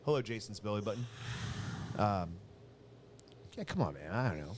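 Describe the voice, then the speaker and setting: A man's voice: on the low side, sing-song, moderate pace, noisy background. A man co-hosting a podcast, telling rambling stories in casual chat. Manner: rambling storyteller, acts out quoted voices. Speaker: podcast co-host.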